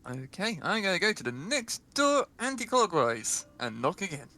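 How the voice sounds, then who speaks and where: A man's voice: high voice, sing-song, normal speed, pushed and bright, low-quality recording. A man playing a tabletop game, talking casually, laughing and stammering a little. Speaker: player.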